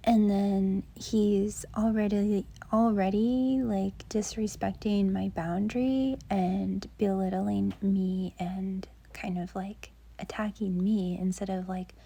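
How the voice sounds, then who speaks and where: A young woman gives dating advice in a soft whisper, drifting along at an unhurried pace. Her voice is mellow and breathy, with a gravelly edge running through it. She rambles gently, leaning on filler words as she works through her thoughts. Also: medium pitch, steady tone.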